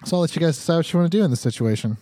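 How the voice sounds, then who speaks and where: A man's voice: a little high, lively intonation, very fast, mellow, no echo, clean studio sound. A man narrating a tabletop game as game master, in a casual, rambling way with many fillers.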